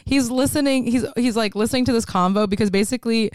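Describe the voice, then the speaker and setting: A giggly woman in her twenties co-hosts a film-recap podcast. She gushes and swears freely in a smooth, fairly high voice, and the recording is dry and close. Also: quick pace, darkish tone, dry recording. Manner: giggly, gushing, profane. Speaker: podcast co-host. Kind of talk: casual film-recap chat.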